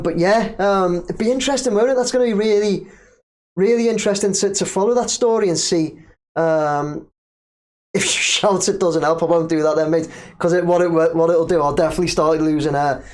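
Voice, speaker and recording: A man's voice: high-pitched, darkish tone. A man hosting a casual live stream, chatting loosely, reading viewer comments aloud and laughing easily. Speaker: livestream host.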